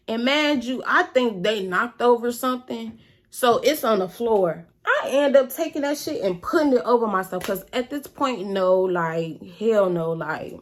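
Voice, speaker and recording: Woman telling a profane, animated story. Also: mid-range voice, unhurried. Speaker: vlogger. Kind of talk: casual storytime.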